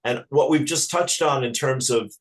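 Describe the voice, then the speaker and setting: A man from Ireland, a spiritual teacher talking as an interview guest in a halting, earnest, affectionate way with many restarts. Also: medium pitch, rough recording. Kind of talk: casual spiritual interview chat.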